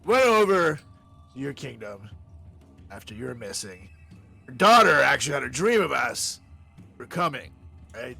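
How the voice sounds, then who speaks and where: A man playing in a tabletop game, chatting casually in an excitable way. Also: medium pitch, unhurried, creaky, long pauses, faint music behind. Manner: lively, excitable. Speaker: player. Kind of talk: casual tabletop gaming chat.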